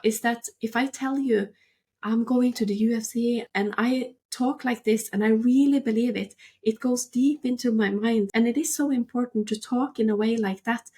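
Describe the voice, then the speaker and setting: A fairly high-pitched woman co-hosting a podcast in casual chat. She speaks with steady enthusiasm, encouraging her co-host and the listeners about mindset and goals. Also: normal speed, hardly any pauses.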